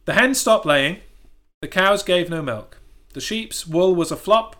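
A man reading a children's book aloud, with a bright, forward tone and a slightly high voice. He breaks off to make deadpan, sweary comments on the story. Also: unhurried. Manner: sarcastic, sweary, deadpan asides. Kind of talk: comic read-aloud with commentary.

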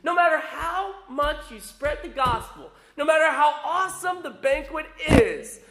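A man with a very high, light voice preaches an animated sermon, pressing his points with emphasis as a pastor. The recording has a roomy echo around him. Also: measured pace. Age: adult with young children. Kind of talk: sermon with personal storytelling.

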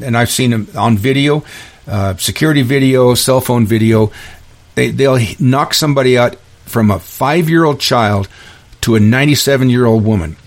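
Emphatic man ranting on a podcast. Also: medium pitch. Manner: ranting, emphatic, frequent restarts. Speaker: podcast host. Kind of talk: opinion monologue.

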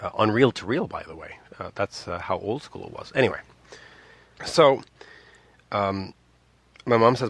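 His delivery is expressive and moderately paced, with long pauses and a breathy edge, recorded with no room sound. A man in his fifties from Montreal, Canada, he casually tells a rambling personal story full of restarts and asides, acting out quoted people with big pitch jumps.

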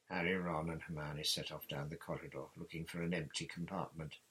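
A man reading a novel aloud in steady audiobook narration. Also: very deep voice, moderate pace, rough recording. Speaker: reader.

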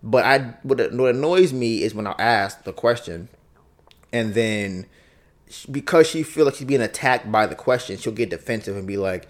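A man alone on his podcast talks at a normal speed in a fairly low voice with lively intonation. He muses casually and reflectively, frequently repeating himself and arguing both sides out loud.

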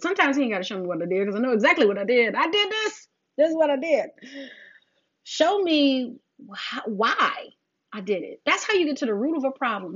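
A middle-aged woman giving a casual faith talk straight to her listeners, preachy and animated, calling them sis. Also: sits high, brisk, breathy edge, highs cut off.

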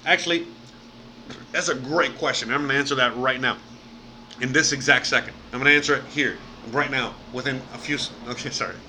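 A man's voice: mid-range voice, fairly even intonation, a little fast, pushed and bright, slight background noise, low-quality recording. A man from Miami chatting casually on a live stream, rambling with lots of fillers, swearing now and then and thanking viewers by name. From Miami, United States.

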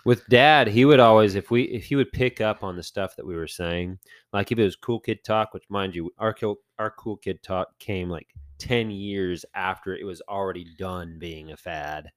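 A man co-hosting a podcast, telling animated, rambling stories in casual chat with lots of fillers. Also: low-pitched, dry recording, studio quality. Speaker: podcast co-host.

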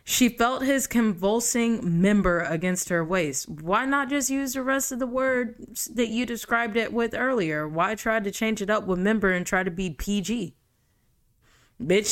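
A young woman hosting a podcast, reading a book aloud and mocking it with profane, exasperated, sarcastic commentary. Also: on the high side. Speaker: podcast host.

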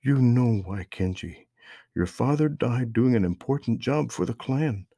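A man voicing a gentle, sorrowful mother who speaks softly and sighs. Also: fairly low pitch, expressive, normal speed, slightly rough, dry recording, studio quality. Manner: soft-spoken, sighing.

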